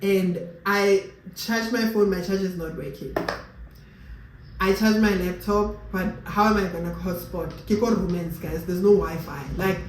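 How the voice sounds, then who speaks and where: A woman's voice: on the low side, normal speed. A young South African woman with a South African accent, chatting casually to her viewers and slipping Sesotho phrases into her English. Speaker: vlogger. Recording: roomy with faint background noise.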